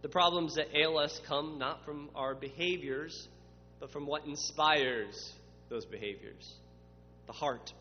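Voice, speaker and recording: Over soft background music, a man with a higher-than-average voice preaches a little slowly. As a pastor, he voices the people asking questions with drama and climbs toward emphatic spoken lists. The sound is muffled, reverberant and carries a faint hum.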